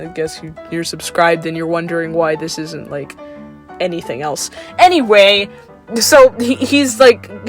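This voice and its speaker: A young woman giving an unscripted, exasperated rant about a cartoon episode, rambling with many fillers and restarts and laughing at herself. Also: medium pitch. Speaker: video creator.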